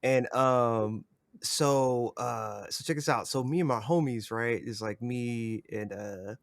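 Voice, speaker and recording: A young man tells a story on a podcast in a loose, rambling way. He swears constantly and fills his speech with "like" and "you know". His medium-pitched voice sounds dry and close. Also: slow pace, vocal fry, no echo. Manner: profane, rambling, filler-heavy. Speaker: podcast guest. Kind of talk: casual storytelling.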